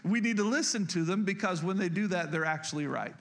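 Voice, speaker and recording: Man, pastor, fairly high voice, folksy humorous sermon, speaks to the congregation. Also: fast, a bit bright. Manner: repeats and restarts words.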